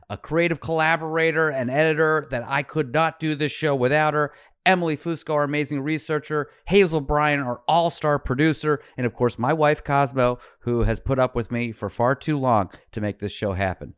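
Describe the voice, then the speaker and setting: A male podcast host talking casually, earnest and chatty, with a fairly high, smooth, clear voice. The sound is dry and close, with no room around it. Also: moderate pace, fairly bright tone, no room sound. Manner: earnest, chatty, laughs often.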